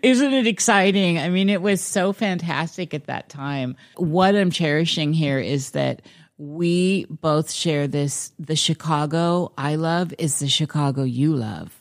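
A middle-aged woman host with a notably low-pitched voice, chatting casually with her guest. She talks in an effusive way and laughs often. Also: measured pace. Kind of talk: casual chat.

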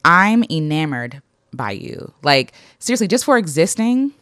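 Earnest, lower-voiced woman reading affirmations. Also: big pitch swings, measured pace, fairly bright tone, no room sound, studio quality. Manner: earnest and open, laughs often, many fillers. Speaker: vlogger. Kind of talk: reading affirmations and reflecting aloud.

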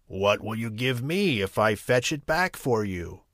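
A croaky speckled frog from a bedtime story, slow and patient, as a male narrator puts him on. His words come out measured and coaxing. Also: fairly low pitch, animated, fairly bright tone, no room sound, clean studio sound.

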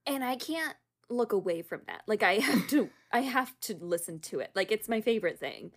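A young woman co-hosting a podcast chats casually in a fairly high, expressive voice at normal speed. She's giggly and rambling, often breaking into laughter.

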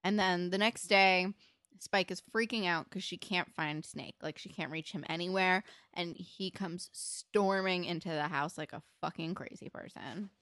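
A young woman co-hosts a casual podcast, talking through a TV episode in a slightly low voice. She is animated and swears freely, with "like" in nearly every sentence. The sound is close and dry. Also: normal speed, no room sound. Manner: animated, swears a lot, many likes. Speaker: podcast co-host. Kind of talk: casual TV recap chat.

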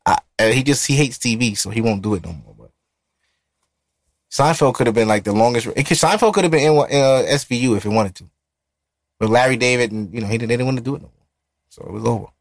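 A man's voice: medium pitch, fast, no echo, studio quality. A man co-hosting a podcast, chatting casually and ranting bluntly with plenty of profanity. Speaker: podcast co-host. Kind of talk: casual chat.

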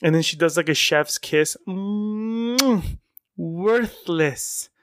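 A man imitating his soft-spoken older mother, who speaks halting English with a Persian accent. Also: sits high, background noise. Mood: effusive.

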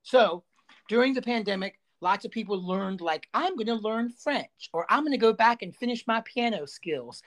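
A podcast host who chats casually with a guest and tells stories in an animated way, full of quick asides. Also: medium pitch. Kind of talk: casual interview chat.

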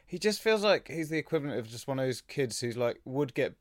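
A man's voice: mid-range voice, sing-song, a little fast, dry recording, studio quality. A man co-hosting a casual comedy podcast, easygoing and laughing along, with sweary asides.

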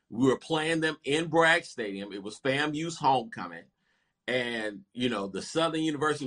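Give me an animated storyteller in his fifties with a bright, punchy voice. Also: mid-range voice. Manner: animated, lively storytelling with laughter. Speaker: guest. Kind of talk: storytelling in casual chat.

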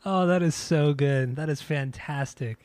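A man with a slightly high voice reacts to his co-host in a relaxed conversation. His remarks are dry and teasing. The sound is dry with little room. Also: a little slow, no echo. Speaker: podcast co-host. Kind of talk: casual chat.

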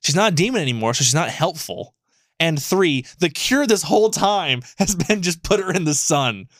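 A man co-hosting a podcast, telling a story in a casual, animated, rambling way with lots of fillers and swearing. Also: a little high, moderate pace, dry recording, clean studio sound. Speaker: podcast co-host.

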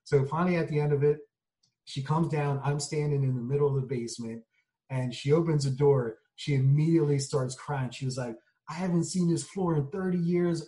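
A man with a dark, mellow voice tells a story in casual conversation, slipping into the lines of the people in it. He sits a little back from the mic, so his voice sounds slightly distant. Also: mid-range voice. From United States. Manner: animated storyteller acting out quotes. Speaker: guest, junk removal business owner.

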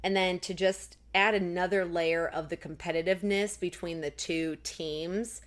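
A woman co-hosting a podcast, recapping an episode in casual chat full of "like" and quick acted-out lines. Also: lowish voice, fairly even intonation. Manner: chatty, recounts scenes with lots of "like". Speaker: podcast co-host.

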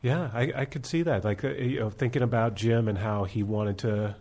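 A man's voice: mid-range voice, moderate pace, a little mellow. A man co-hosting a casual chat, adding short reflective comments. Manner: brief agreeing, reflective comments.

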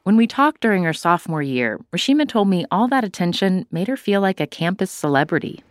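A woman hosting a podcast, narrating between clips and asking measured, curious questions. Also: on the low side, big pitch swings. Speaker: podcast host, interviewer. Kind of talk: interview and scripted narration.

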